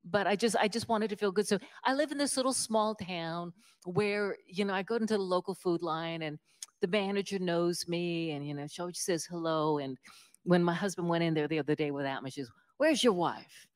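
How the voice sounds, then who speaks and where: Low-voiced Southern Appalachian woman storyteller. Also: a little fast. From West Virginia, United States. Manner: animated storyteller with frequent restarts and self-deprecating laughs. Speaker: author interviewed as guest. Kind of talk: casual storytelling interview.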